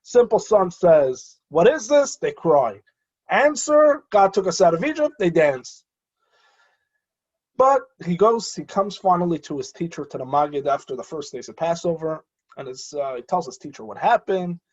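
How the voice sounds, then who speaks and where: A rabbi telling a story in an animated way, pausing often with fillers and restarts, and acting out the voices of the people in it. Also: male voice, a little high, muffled recording. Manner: hesitant with frequent fillers and restarts. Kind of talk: storytelling talk.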